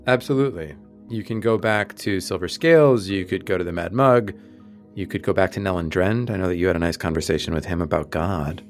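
A man's voice: low voice, a little fast, soft background music. A man narrating as game master of a tabletop game, explaining rules patiently and steering the scene.

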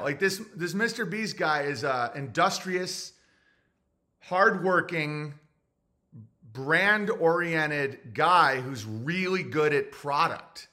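Blunt, bright-voiced male host. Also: on the high side. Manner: blunt, opinionated, profane. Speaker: livestream host. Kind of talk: casual monologue reading viewer messages.

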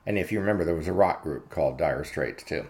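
Here the channel host's bass voice is expressive, quick and a little mellow as he chats his way through an unscripted story. Fillers abound, and he replays exchanges using "I said."

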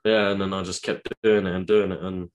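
Brief: young male guest, deep voice, relaxed, hesitant and casual. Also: a little fast. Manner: laid-back, hesitant, filler-heavy. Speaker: guest, social media creator. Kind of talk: casual interview chat.

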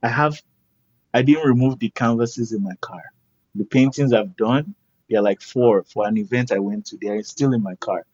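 Husky man telling a lively story. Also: medium pitch, normal speed, dry recording. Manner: animated, acts out quoted voices. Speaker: guest artist. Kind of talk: casual storytelling. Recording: dull lo-fi recording.

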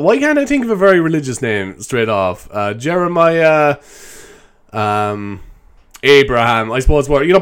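A man's voice: mid-range voice, a bit bright, clean tone. A young Irish man hosting a solo comedy podcast, rambling, swearing and poking fun at himself. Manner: rambling, swearing, self-mocking. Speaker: podcast host.

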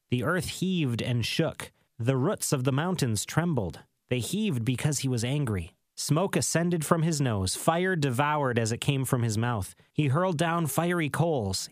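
A man reads scripture in a steady, measured way at an ordinary middle pitch. His phrases often settle low at the end. The sound is dry and close, with no room around it. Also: dry recording. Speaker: scripture reader. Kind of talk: steady scripted Bible reading.

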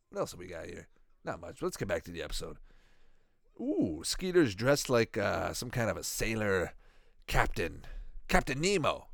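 A man's voice: lowish voice, creaky, fairly bright tone, no echo, clean studio sound. A man in his thirties giving rambling, profane, joking commentary while watching a cartoon. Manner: rambling, profane, jokey asides. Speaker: reaction video host.

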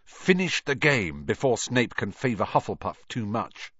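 A man's voice: fairly low pitch, sing-song, measured pace, fairly bright tone, slightly rough, dry recording, highs cut off, exaggerated voice. A man reading an audiobook voices an intense schoolboy team captain who speaks urgently and pressingly.

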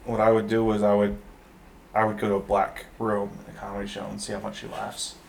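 A man in his thirties from Detroit rambles through a casual podcast chat, full of halting restarts. His voice sits low. He is picked up from a distance, with a faint hiss of noise behind him. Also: monotone, gravelly, a little mellow. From Detroit, USA. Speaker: podcast guest. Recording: off-mic with faint background noise.

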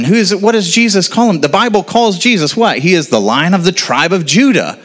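This sermon comes from a man whose voice sits on the high side, a bit bright, with big pitch swings and a moderate pace. Preaching informally to his congregation, he poses questions to the audience, then supplies the answers himself, adding casual asides along the way.

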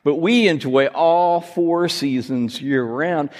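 A man preaching a sermon, telling jokes and gently teasing himself and his listeners. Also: fairly high pitch, slow. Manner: joking, self-teasing, lively. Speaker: pastor. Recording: reverberant hall.

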